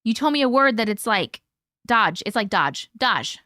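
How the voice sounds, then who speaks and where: A woman's voice: on the high side, sing-song, normal speed, bright, forceful tone, dry recording, clean studio sound. A woman hosting a live stream, chatting casually with viewers, swearing freely and laughing often. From part Italian heritage, American. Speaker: host reading viewer stories.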